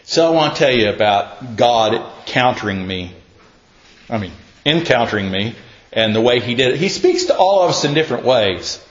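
A man's voice: mid-range voice, very animated, normal speed. A middle-aged male pastor telling a self-mocking story in a sermon, acting out the dialogue in a folksy way. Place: church. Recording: echoey room, dull lo-fi sound.

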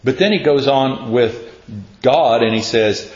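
A man's voice: medium pitch, a little slow, a little mellow. A man preaching a conversational sermon, folksy and casual, acting out scripture in everyday speech. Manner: casual, folksy, acts out scripture in plain talk. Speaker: pastor. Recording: roomy, dull sound.

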